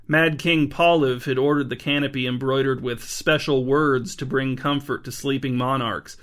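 A man reading a storybook aloud as narrator, in an even, dry storytelling manner. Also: medium pitch.

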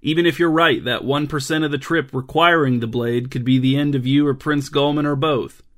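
A man's voice: medium pitch, steady tone, brisk, close to an everyday voice. A man with a head cold voicing a stubborn, devoted lord who insists on riding along with his king. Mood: insistent.

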